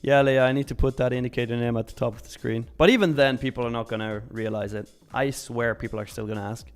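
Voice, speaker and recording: A man's voice: mid-range voice, fairly even intonation, quick pace, clear, resonant tone, faint music behind. A young man hosting a live stream, casually reading viewer messages aloud and answering them. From Switzerland. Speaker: live-stream trading host.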